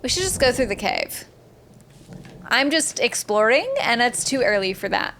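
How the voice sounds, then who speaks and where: A woman streaming a video game live, chatting excitedly and reading viewer messages aloud. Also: on the high side, moderate pace, slight background noise. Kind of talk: live gameplay commentary.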